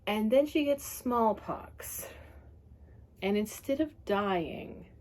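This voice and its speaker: A woman's voice: mid-range voice, animated, slow pace, darkish tone. Sweary, chatty woman ranting about a book. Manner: sweary, chatty, laughing often. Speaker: book reviewer. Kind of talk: casual ranting book review.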